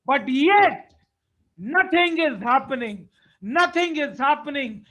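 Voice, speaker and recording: A man's voice: extremely high pitch, lively intonation, takes it slowly, a bit bright, rough recording. A man preaching a sermon with fervent emphasis, building his points through short repeated phrases.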